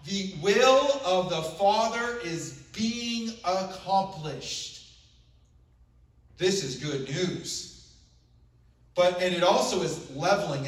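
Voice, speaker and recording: A man, a pastor, giving a sermon that reads scripture and then retells it in casual, conversational words. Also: high voice. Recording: very echoey room, voice from far off.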